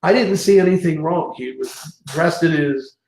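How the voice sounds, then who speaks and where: A man hosting an interview, chatty and animated, telling stories and laughing often. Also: on the high side, normal speed, gravelly. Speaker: interview host. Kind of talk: casual interview chat. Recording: echoey room.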